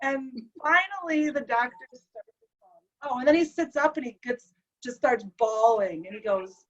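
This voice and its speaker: A woman telling an emotional personal story, animated and acting out the dialogue. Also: high-pitched, normal speed, lo-fi sound. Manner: animated, acts out quoted dialogue.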